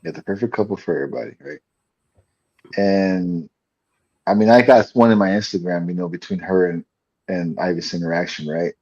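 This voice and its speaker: Very deep husky man, muffled mic. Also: steady tone, a little mellow. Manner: rambling, halting, many fillers. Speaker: podcast co-host. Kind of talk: casual comics review chat.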